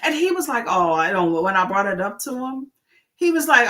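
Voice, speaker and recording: A woman hosting a livestream, chatting casually with viewers and telling stories in an animated way. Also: medium pitch, brisk. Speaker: livestream host; nurse.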